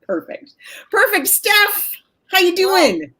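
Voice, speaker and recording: A woman's voice: extremely high pitch, very animated, slow, sharp tone. Chatty woman hosting a video call. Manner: chatty and enthusiastic, many fillers, laughs often. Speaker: host of an author interview show. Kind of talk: casual video chat interview.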